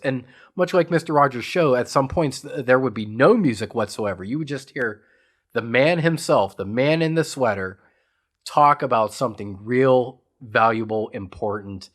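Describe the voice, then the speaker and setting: A man from western Pennsylvania co-hosts a casual podcast chat and eagerly recaps a movie. He rambles along with plenty of "like" fillers, and his voice sits in an ordinary middle pitch. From Pittsburgh area, USA. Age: adult parent. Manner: enthusiastic rambling storyteller with many "like" fillers. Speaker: podcast co-host.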